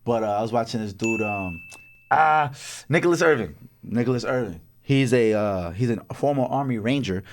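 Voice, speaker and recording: A young man co-hosting a podcast, telling stories in a casual, profane, animated way with frequent laughs. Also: mid-range voice, normal speed. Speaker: podcast co-host. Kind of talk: casual chat.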